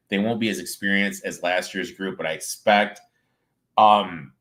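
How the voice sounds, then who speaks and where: A man's voice: deep voice, fairly bright tone. A man co-hosting a casual sports chat, talking steadily and analytically as he lists stats. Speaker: podcast co-host.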